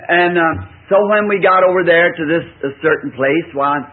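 On a tinny, old lo-fi recording, a Southern American preacher tells a rambling, folksy story during a sermon. His voice is fairly high and moderately paced, and he chuckles through the anecdote.

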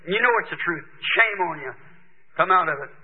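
High-voiced preacher on tinny old tape. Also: male voice, lively intonation, fast, slightly rough. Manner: impassioned, declamatory, swelling and falling in bursts. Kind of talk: fervent revival sermon and prayer.

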